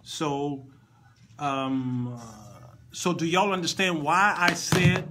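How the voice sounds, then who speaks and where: A man's voice: a little high, steady tone, slow pace, heavy background noise. Chatty man teaching a Bible lesson. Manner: conversational, repeats and restarts words; playful asides to online listeners. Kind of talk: informal Sunday school teaching.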